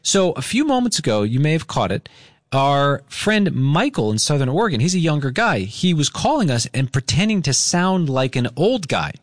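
A man's voice: a little high, big pitch swings, normal speed, dry recording, clean studio sound. A man hosting a radio call-in show, upbeat and playful with the caller.

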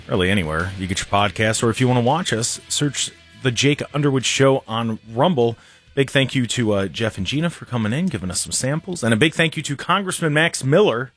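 A man's voice: mid-range voice, expressive, fairly quick, fairly bright tone, soft background music. A man hosting a radio show in the studio, chatting casually in a jokey, rambling way with many restarts. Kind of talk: casual talk radio banter. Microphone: studio microphone.

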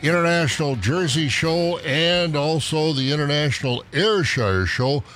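A man's voice: a little high, a little slow, a bit bright, soft background music. A man hosting a farm radio show, reading dairy contest results in a chatty, rambling way with asides. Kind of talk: casual radio farm news.

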